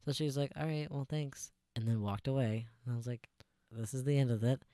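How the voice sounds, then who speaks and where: A man's voice: mid-range voice, a little fast, warm tone, no room sound, clean studio sound. A young man co-hosting a podcast, retelling a work story in a casual, sarcastic and profane way. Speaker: podcast co-host.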